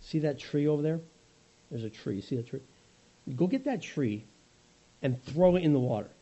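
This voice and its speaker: The Lord speaking plainly and calmly, as a preacher voices him. The voice is mellow and husky and sits low. It is heard from a little distance through a muffled recording. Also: male voice, moderate pace. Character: the Lord giving calm plain instructions, male.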